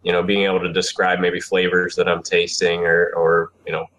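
A man sitting in as a podcast guest, answering in a halting, easygoing way full of ums and pauses. His voice sits somewhat low. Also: monotone, a bit bright. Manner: hesitant, many fillers. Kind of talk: casual interview chat.

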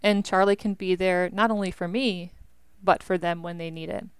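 A young American woman talks as an interview guest, chatty and animated, dropping plenty of "like". Her voice is very clear and smooth. It sits close and dry. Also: lowish voice, normal speed, no echo. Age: young adult. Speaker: veteran guest. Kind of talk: interview conversation.

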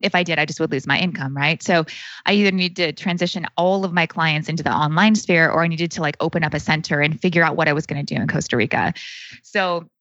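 A woman's voice: low voice, fast, a bit bright, dry recording, dull audio. A woman in her thirties, a podcast guest, telling a personal story in a chatty, casual way with lots of fillers. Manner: chatty, heavy use of "like", acts out quoted speech.

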